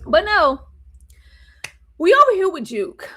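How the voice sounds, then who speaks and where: A woman reviewing a TV show in casual recap chat, animated and laughing often as she acts out quotes. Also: a little high, normal speed.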